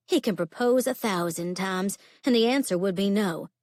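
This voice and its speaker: A woman voicing a brash young barmaid who cracks jokes in a loud, lively way. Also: medium pitch, moderate pace, close to an everyday voice. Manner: brash, wisecracking.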